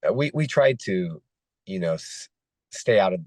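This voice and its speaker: Guest fighter, late thirties, voice nearly gone and hoarse, deep and halting with many fillers. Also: male voice, expressive, a little mellow, no room sound. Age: 30s. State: hoarse, losing his voice. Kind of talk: casual interview chat.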